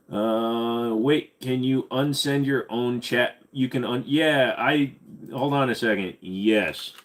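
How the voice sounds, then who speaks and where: A man's voice: medium pitch, takes it slowly. A man hosting a casual live question-and-answer stream, rambling and swearing freely with lots of fillers. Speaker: livestream host.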